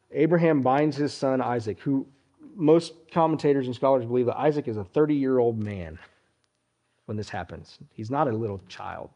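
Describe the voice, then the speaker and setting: A male pastor preaching a sermon, speaking deliberately and addressing his listeners directly, with his voice often sinking low at the ends of phrases. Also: dark tone, highs cut off.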